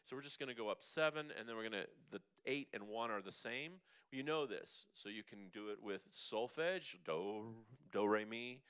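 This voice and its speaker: A man's voice: fairly low pitch, moderate pace, few pauses, a bit bright, clean tone. A man coaching a group through breathing and humming exercises, upbeat and coaxing, demonstrating the sounds himself. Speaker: vocal coach. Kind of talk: leading a group vocal workshop. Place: church hall.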